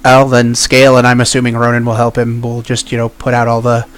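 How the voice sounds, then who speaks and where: A man playing in a tabletop game, talking in a low-key, laid-back way. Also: monotone, fairly quick, clear, resonant tone. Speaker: player. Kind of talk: casual tabletop game play.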